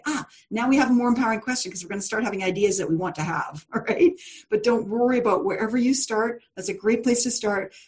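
A woman's voice: a little high, fairly quick, darkish tone. A woman leads a live online class over a video call, chatty and encouraging. She laughs easily, leans on fillers and restarts, and keeps talking straight to her students. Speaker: course leader.

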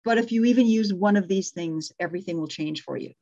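A woman's voice: lowish voice, fast, mellow, lo-fi sound. A middle-aged woman teaching a live workshop on speaking, demonstrating examples aloud and correcting herself as she goes. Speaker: communication coach.

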